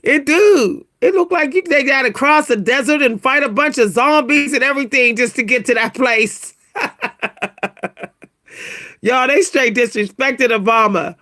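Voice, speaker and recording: A woman hosting a casual livestream, talking to her viewers, laughing often and exclaiming in a high squeal. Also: measured pace. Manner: animated, keeps exclaiming "what?" in a high squeal; laughs between remarks, talks to viewers as "y'all". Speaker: livestream host reacting to pictures.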